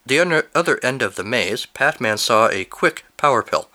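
Host, male, bright voice, reads goofy listener stories with amused asides. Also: mid-range voice, moderate pace. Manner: animated, amused asides between read lines. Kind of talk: reading fill-in-the-blank stories aloud with commentary.

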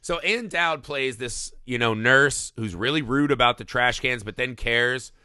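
This podcast co-host chats casually and profanely about a movie, acting out the lines he quotes. His mid-range voice is a little slow, pushed and bright yet smooth, captured in clean studio sound with no room echo.

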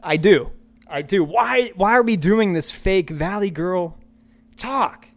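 A male podcast host rants through his solo show, swearing freely and hammering his points by repeating them. His voice sits a bit higher than most men's. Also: slow. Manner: ranting, profane, repeats his punchlines.

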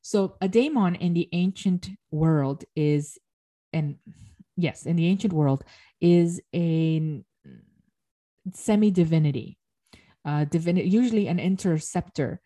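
Woman explaining an old myth lecture style, lowish warm mellow voice, fixes her words as she goes. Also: unhurried. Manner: explains as she reads, often corrects herself mid-phrase.

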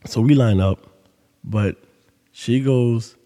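A man's voice: mid-range voice, takes it slowly, mellow, in a large hall. A man hosting a podcast, telling a story in casual monologue with loose, profane street talk. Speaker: podcast host.

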